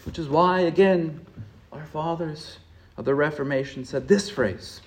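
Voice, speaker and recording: A pastor with a voice on the high side preaches at a measured pace in an echoey room. He leans heavily on rhetorical repetition, swinging from hushed tones to loud passion.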